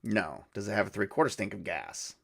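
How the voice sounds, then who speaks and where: A man narrating a solo tabletop game, rolling dice and thinking aloud in a halting way with many fillers. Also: fairly low pitch, expressive, gravelly, fairly bright tone, breathy edge. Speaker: game master.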